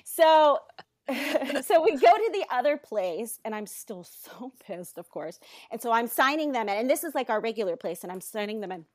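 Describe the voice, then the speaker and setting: A woman in her thirties telling a story in casual chat, animated and exasperated, swearing and cutting herself off. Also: a little high, moderate pace, no echo, studio quality.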